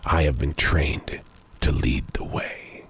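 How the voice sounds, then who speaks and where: A man's voice: fairly even intonation, takes it slowly, breathy edge, dry recording, full character voice. A man whispering as a steadfast lighthouse. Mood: resolute. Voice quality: hushed low whisper. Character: calm steadfast lighthouse facing a hungry ocean.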